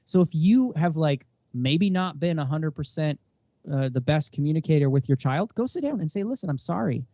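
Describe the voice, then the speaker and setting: A man's voice: a little high, moderate pace, no echo, muffled recording. A man in his thirties, a podcast guest telling candid stories and acting out bits of dialogue. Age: 30s. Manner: animated storytelling, acts out dialogue. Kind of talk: candid interview talk.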